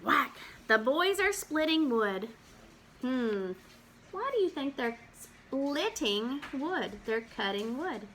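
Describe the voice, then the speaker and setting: Woman teacher, storytime read-aloud, high bright voice, unhurried, mimics animal noises, faint background hiss. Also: sing-song. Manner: acts out animal and farm sounds, asks children questions. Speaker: teacher reading to children.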